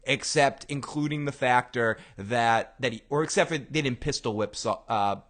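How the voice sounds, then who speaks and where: A man hosting a casual show, recapping an episode in an excitable way. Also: medium pitch, normal speed. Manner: excitable, retells scenes by acting out the lines. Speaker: podcast host.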